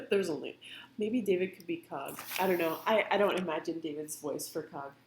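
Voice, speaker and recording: A woman's voice: on the low side, moderate pace, creaky, a little hiss or hum, low-quality recording. A woman drawing live on stream, chatting playfully and thinking aloud about characters. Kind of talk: casual chat.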